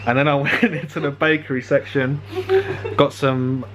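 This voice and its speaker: A man's voice: mid-range voice, flat delivery, moderate pace. A young man telling a rambling story casually, laughing often and swearing freely. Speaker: vlogger.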